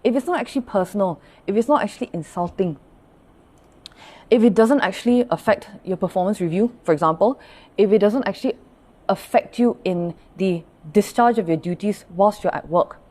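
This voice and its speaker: Woman pastor, livestream Q&A talk, mid-range voice, relaxed, chatty, full of everyday examples. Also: medium pitch, brisk. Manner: conversational, often checks in with "all right?"; greets online viewers by name mid-talk.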